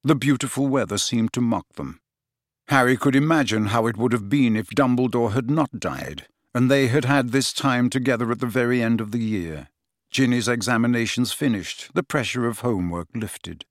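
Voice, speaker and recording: A man narrating an audiobook in a measured, steady reading voice. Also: medium pitch, no room sound, clean studio sound. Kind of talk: scripted narration.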